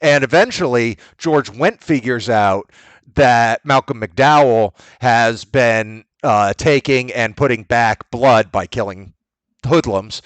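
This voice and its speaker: Rambling, animated male podcast co-host. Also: medium pitch, no echo. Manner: rambling storyteller, retells scenes with quick impressions. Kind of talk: casual chat.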